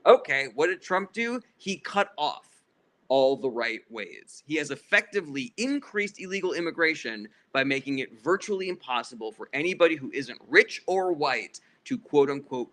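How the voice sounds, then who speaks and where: Male livestream host, bright forceful tone, casual profane rants. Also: a little high, very animated, normal speed. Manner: heated, profane, blunt political ranting. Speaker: livestream host answering chat questions.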